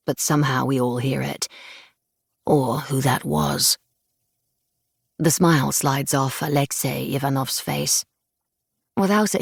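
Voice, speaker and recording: Woman narrating an audiobook in a gravelly voice. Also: rumbling low, dry recording, studio quality. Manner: measured, hushed first-person storytelling. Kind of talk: scripted narration. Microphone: close studio mic.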